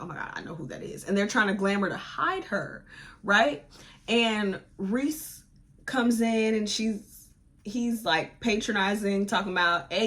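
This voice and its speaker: A woman hosts a book club podcast and retells the story in an animated, rambling way. Her talk is slangy and informal, and her voice sits in a middle range. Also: mid-range voice. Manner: animated, digressive retelling that acts out characters' lines. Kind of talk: casual book review chat.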